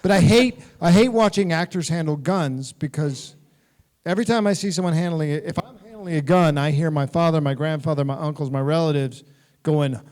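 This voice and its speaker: Laughing storyteller man, slightly high voice. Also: a little fast. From United States. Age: middle-aged. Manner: animated anecdotal storytelling, laughing often. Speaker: guest actor. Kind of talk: on-stage convention talk. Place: convention stage.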